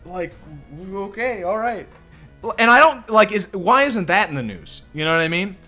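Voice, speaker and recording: Young guy ranting over his game, bright high voice, jumps all over, faint music behind. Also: lively intonation, moderate pace. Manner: rambling, incredulous, swears. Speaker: let's play host. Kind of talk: casual game commentary.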